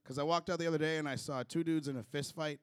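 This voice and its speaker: A man's voice: fairly high pitch, steady tone, quick pace, clear, resonant tone, no room sound, studio quality. A young man from Chicago doing a loose, chatty stand-up set with crowd work, chuckling through his own jokes. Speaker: stand-up comedian.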